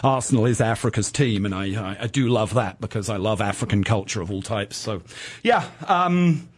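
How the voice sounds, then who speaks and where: Rambling, animated middle-aged host. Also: male voice, on the low side, moderate pace, slightly rough. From southern England. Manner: rambling, opinionated, with fillers. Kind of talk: casual chat.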